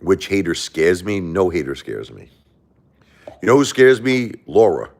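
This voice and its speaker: A middle-aged man with a very low voice hosts a casual livestream. He answers viewer questions defensively, circling back to the same points. When he tells a story, he turns it into an animated retelling. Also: a little slow. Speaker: livestream host.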